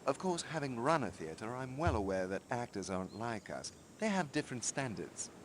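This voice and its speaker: Man playing a henpecked retired husband, northern English accent, flat dutiful replies, lively pitch, game voice acting. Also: normal speed, a little hiss or hum, natural voice.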